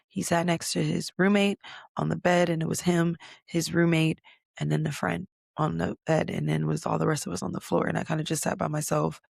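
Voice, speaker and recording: This podcast host, a young adult woman, has a fairly low, creaky voice with a darkish tone, captured in studio quality with no room sound. She relates a personal story in an open, conversational manner, using frequent fillers and occasionally swearing.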